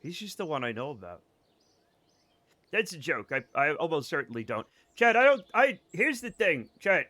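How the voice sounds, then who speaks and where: Bright-voiced joking male game streamer. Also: a little high, sing-song, normal speed, no echo. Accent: faded Boston. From Boston area. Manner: joking, profane, laughs often. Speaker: live streamer. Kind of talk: casual gameplay commentary.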